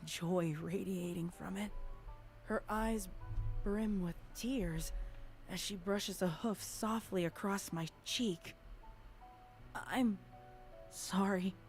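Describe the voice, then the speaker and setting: A woman's voice: mid-range voice, darkish tone, soft background music, lightly acted. A woman voicing a guilt-wracked pony mare. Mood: shaken. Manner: halting, stammering delivery. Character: anguished young pony mare narrating her guilt. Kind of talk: first-person audio drama narration.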